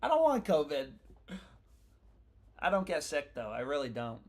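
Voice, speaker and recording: A young man hosts a casual betting live stream, talking in loose slang and swearing freely. His voice sits a little higher than most men's. He rambles and jumps between thoughts as he works through his picks. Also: wildly swooping pitch, normal speed, a little mellow. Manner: slangy, profane, rambling and restless. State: annoyed.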